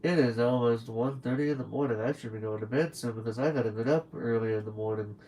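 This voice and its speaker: The low-quality recording carries a mid-range, dark-toned man's voice that talks fast. He's young, streaming from home late at night and meandering through a casual story while acting out others' words.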